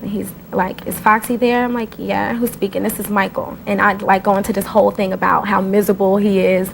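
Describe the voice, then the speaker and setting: Animated woman telling a funny story. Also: mid-range voice, a little fast, creaky, a little hiss or hum, poor audio. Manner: animated, laughing. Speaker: interviewee. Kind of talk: casual anecdote.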